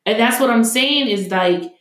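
A woman's voice: a little high, normal speed, fairly bright tone. A young adult woman co-hosting a casual podcast, talking emphatically and heatedly with many fillers. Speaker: podcast co-host. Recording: echoey room.

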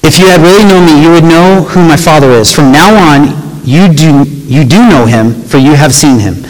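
A man's voice: on the high side, moderate pace, lightly acted. An earnest teacher speaks with a raised, emphatic voice, as a preacher reads him aloud. There is a note of patient exasperation in his lines. A long reverb rings behind him. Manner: earnest, lifted reading voice, teasing exasperation. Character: Jesus, a patient but exasperated teacher, man.

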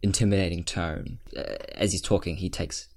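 A man's voice: low voice, fairly even intonation, moderate pace, a little mellow. A man casually playing a tabletop game, talking in a laid-back, joking way. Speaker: player.

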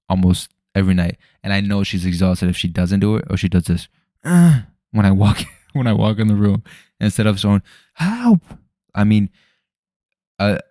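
A young man with a low, deep voice talks loosely into the mic. He rambles, swears freely and jumps between thoughts. The sound is dry and close. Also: gravelly, darkish tone, dry recording. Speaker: podcast host. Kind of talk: casual solo podcast chat. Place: home room at night.

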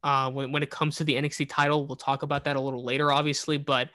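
A man's voice: a little high, level tone, fast talker, pushed and bright, dry recording. A man co-hosting a casual wrestling podcast, recapping the show in a rambling way with many fillers and restarts. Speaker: podcast co-host.

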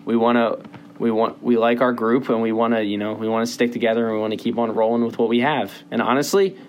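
A young man hosting a casual sports podcast, rambling with many fillers and quick bursts of speech. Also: medium pitch, steady tone, dull audio, slight background noise. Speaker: podcast host.

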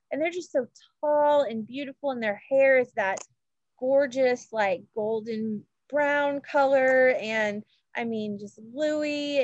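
In a lo-fi recording with no room sound, a woman with a fairly high voice co-hosts a podcast. She gushes in casual chat about royal news, full of fillers and restarts.

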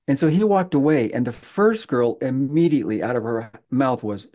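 A man speaking as a guest, telling a story in a halting way with many fillers and restarts. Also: medium pitch, lively intonation, mellow. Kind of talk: conversational storytelling.

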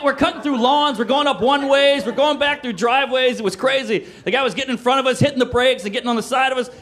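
Podcast host, man, middle-aged, New Orleans area; very high voice, animated, yells and acts out voices; noisy recording. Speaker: podcast host telling a story. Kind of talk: animated comedic storytelling. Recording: noisy background hiss.

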